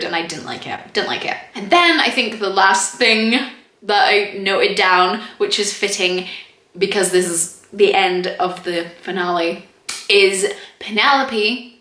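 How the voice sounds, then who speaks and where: Chatty young woman with a bright voice. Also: mid-range voice. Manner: chatty, lots of "like", quick laughs and mock quotes. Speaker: TV review vlogger. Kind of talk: casual review chat to camera. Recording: echoey room.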